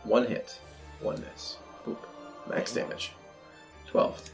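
A game master briskly running a tabletop combat, calling out attacks and damage. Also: music in the background. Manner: brisk, matter-of-fact rules calls.

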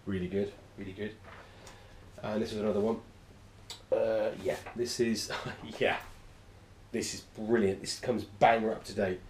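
A man's voice: on the low side, normal speed, darkish tone, a little hiss or hum. A man teaching a class, enthusiastic and rambling, often correcting himself mid-sentence. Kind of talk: classroom lecture. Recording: echoey room.

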